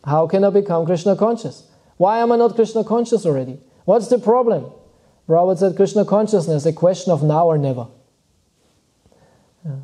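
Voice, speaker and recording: Dark-voiced man. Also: high-pitched, animated. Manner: unhurried, thoughtful, often pauses with "uh" and restarts words. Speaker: spiritual teacher. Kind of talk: devotional lecture with scripture reading.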